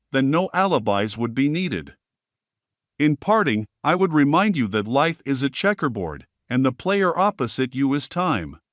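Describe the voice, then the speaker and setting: A man narrating a self-help audiobook in a steady, measured reading voice. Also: mid-range voice, no room sound, clean studio sound.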